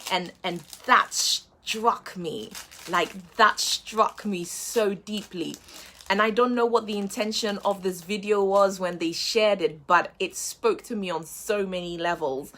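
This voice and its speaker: A woman's voice: medium pitch, unhurried, a bit bright. A woman hosting a faith-based motivational show, speaking earnestly and repeating key phrases for emphasis.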